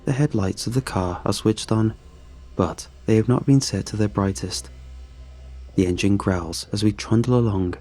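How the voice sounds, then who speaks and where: Low, husky male horror narrator. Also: moderate pace, dark tone.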